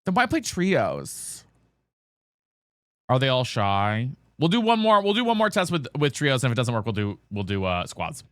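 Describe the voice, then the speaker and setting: Man streaming a game, casual chatty talk, lively swooping pitch. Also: moderate pace, no room sound, clean studio sound. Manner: chatty, swears, calls the audience girl and guys; repeatedly asks teammates for mics. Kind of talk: casual live-stream chat while gaming.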